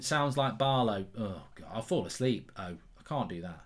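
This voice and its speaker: A man's voice: fairly low pitch, fairly quick, few pauses. A man hosting a football watchalong live stream, chatting casually and reading out viewer comments in a rambling, self-mocking way.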